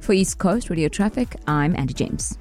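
A man reading a radio traffic report in a steady, matter-of-fact way. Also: high voice, moderate pace, faint music behind.

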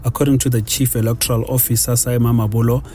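A man filing a radio news report in a formal, steady voice. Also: medium pitch, fast talker, slight background noise.

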